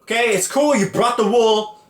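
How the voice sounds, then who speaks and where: A man's voice: high-pitched, normal speed, voice pushed up, natural voice. A man voicing an exasperated, sarcastic king scolding a guest who overstays, in an echoey room. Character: annoyed ancient male king, sarcastic host.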